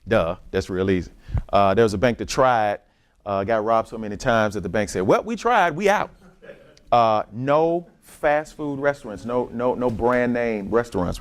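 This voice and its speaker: A Southern man leads a church workshop in a lively, preacher-style way, talking straight to his listeners. His voice sits a little low. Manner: lively preacher-style teaching, talks to the room. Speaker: workshop leader. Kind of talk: church community training talk.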